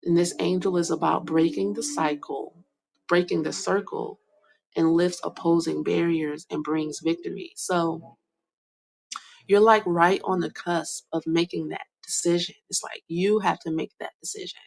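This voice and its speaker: A young woman giving a soft, hesitant spiritual card reading, full of fillers and whispered asides. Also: fairly low pitch, steady tone, unhurried, gravelly. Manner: whispers names to herself while reading cards. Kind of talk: slow meandering card reading monologue.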